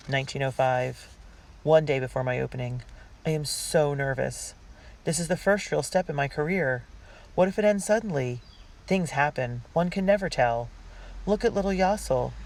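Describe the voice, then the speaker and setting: A reader narrating a diary storybook in a girl's first-person voice, earnest and unhurried. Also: mid-range voice, vocal fry, low-quality recording. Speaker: audiobook reader.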